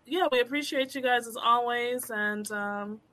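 A woman co-hosting an online show in easy chat, quick with short agreeing asides. Her voice is bright and rather high. A faint hiss sits underneath. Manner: laughing, brief agreeing asides. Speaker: show host. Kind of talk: casual livestream chat.

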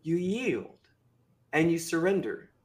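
A man talking as a podcast guest, with an animated, preacher-like delivery full of sudden drops and bursts. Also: fairly high pitch, slow. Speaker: guest speaker. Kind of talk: motivational podcast talk.

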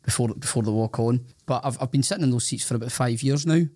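A man's voice: medium pitch, quick pace, darkish tone, dry recording, studio quality. A Scottish man co-hosting a podcast, telling stories in a rambling, self-deprecating way that is full of restarts. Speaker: podcast co-host. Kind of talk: casual podcast chat.

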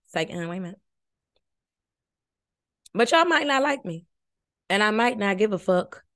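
A woman's voice: medium pitch, lively intonation, normal speed, fairly bright tone. A woman hosting a podcast, giving casual, brash and profane commentary on a reality show, sleepy late at night.

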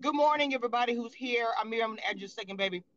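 A woman's voice: on the high side, very fast, muffled recording. A woman commentating on reality TV in a livestream reaction, blunt, profane and heated.

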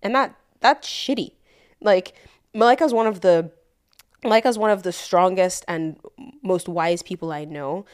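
A woman's voice: fairly low pitch, measured pace, clear, resonant tone. A woman co-hosting a podcast, talking earnestly and thoughtfully in casual chat, often with "like" as filler. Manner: earnest, reflective, peppers speech with "like". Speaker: podcast co-host.

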